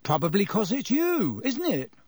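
A joking, cheeky teenage boy, as a male narrator puts him on, quick to tease and full of excitement. The voice sits a touch above the reader's own. Close, dry sound. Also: high voice, no room sound, pitched above the performer's own voice, exaggerated voice.

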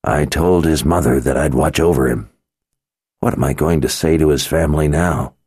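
A man voicing a grieving, angry warrior who speaks slowly and heavily in an audiobook. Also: a bass voice, a little mellow, slightly rough, no echo, full character voice. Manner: slow, heavy, rage and misery. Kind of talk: audiobook character voice.

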